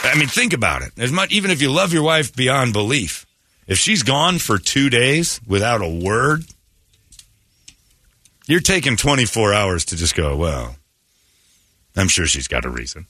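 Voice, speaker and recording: A man hosting a morning radio show, telling stories in animated casual banter. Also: medium pitch, normal speed, dry recording, some chatter behind. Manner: animated storytelling with quoted voices.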